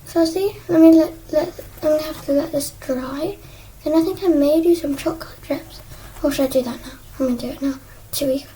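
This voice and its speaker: High-voiced girl rambling while crafting. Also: a little fast, mellow, low-quality recording. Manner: rambling, self-mocking, drifts into whispers. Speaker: crafting vlogger. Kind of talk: casual crafting vlog. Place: indoors at a desk. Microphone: iPad propped on a stool.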